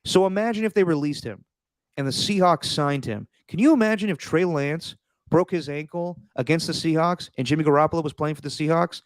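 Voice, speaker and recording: A man talks sports in a casual podcast chat, earnest and emphatic. His voice is smooth and resonant, at a middle pitch, and the recording is dry and close. He stumbles over and repeats words when he gets worked up. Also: brisk, dry recording. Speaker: podcast co-host.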